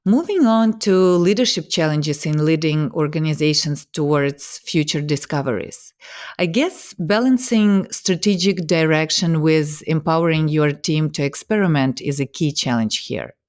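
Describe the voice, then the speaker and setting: A woman hosting an interview, asking measured, prepared questions. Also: low-pitched, animated, a little mellow. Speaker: host.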